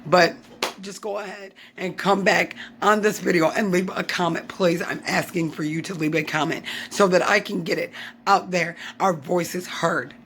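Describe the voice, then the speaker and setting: A woman's voice: fairly low pitch, steady tone, moderate pace, a bit bright, a little hiss or hum. A woman from the United States giving an impassioned vlog update, upset and frustrated, hammering her points with repeated phrases. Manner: emphatic, repeats lines for punch. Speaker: YouTube vlogger.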